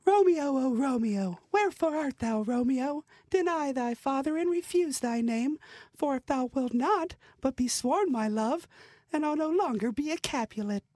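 A swooning young Juliet, sighing out her lines in a very high, breathy falsetto, as a man puts her on. The sound is dry and close. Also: lively intonation, moderate pace, a little mellow, no room sound. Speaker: actor.

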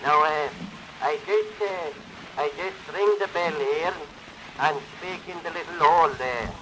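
A man's voice: a little high, unhurried, noisy background, lightly acted. A man doing a bumbling bloke on an old comedy record. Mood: hesitant. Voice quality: hesitant, stammering, deferential speech. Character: bumbling old-time Irish man, timid with his betters, baffled by the telephone. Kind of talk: early comedy record sketch.

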